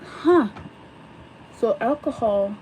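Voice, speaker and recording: A woman's voice: fairly high pitch, expressive, slow, darkish tone, slight background noise, poor audio. A young woman chatting casually on a livestream while she does her makeup at home, rambling, laughing often and swearing. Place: home, at a vanity mirror.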